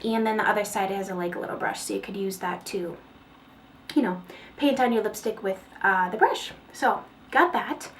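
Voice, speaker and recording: A woman's voice: mid-range voice, normal speed, fairly bright tone, a little hiss or hum. A woman chatting casually through a product haul, rambling with fillers and small laughs. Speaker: beauty vlogger. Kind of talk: casual haul video chat.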